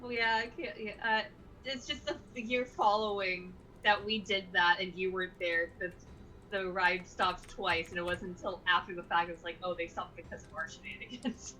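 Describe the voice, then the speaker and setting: A woman chatting casually as a player, quick and excitable. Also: fairly low pitch, rough recording. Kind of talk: casual chat.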